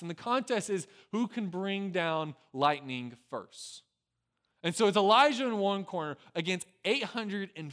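A pastor, a man with a slightly high voice, telling the story like a chat with friends. He keeps tossing in "right?" and drops to a hushed, low tone for the serious points before picking back up. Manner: conversational, with a frequent tag "right?"; swings between loud acted quotes and quiet, low asides. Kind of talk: casual storytelling sermon.

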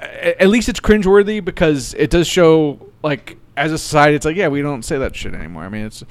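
A man's voice: a little high, expressive, fairly quick, smooth, no echo. A man co-hosting a casual movie podcast, rambling, laughing often and swearing casually. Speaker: podcast co-host. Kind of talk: casual chat.

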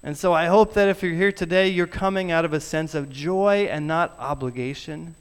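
A man preaching a sermon in a church, earnest, dropping his voice softly on key words. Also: on the high side, normal speed, clean tone. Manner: earnest, drops to soft emphasis on key words. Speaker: pastor. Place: church sanctuary.

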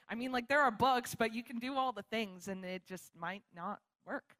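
A young woman preaches to a church gathering, telling a personal story in a chatty, animated way. Her voice sits a little high for a woman, and she acts out the quotes as she goes. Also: normal speed, few pauses. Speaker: missionary preacher. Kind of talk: sermon with storytelling. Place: church hall with live audience.

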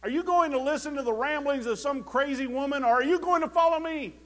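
Pastor voicing an exasperated, chiding God. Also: male voice, very high-pitched, fast talker, fairly bright tone, long reverb tail, pitched above the performer's own voice. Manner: exasperated, scolding.

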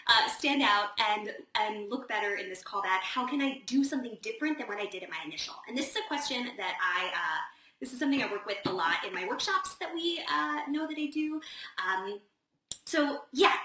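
A woman's voice: a little high, bright, forceful tone, recorded from a distance. A woman hosting a casual live Q&A, chatty and gushing, with lots of "like" fillers. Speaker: host of a live advice session. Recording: roomy echo, set back from the mic, faint noise.

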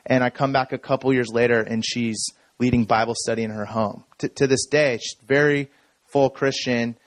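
A man telling a personal story from the stage in a relaxed, conversational way, checking in with the audience as he goes. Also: mid-range voice, normal speed, dry recording. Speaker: speaker. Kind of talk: conference talk.

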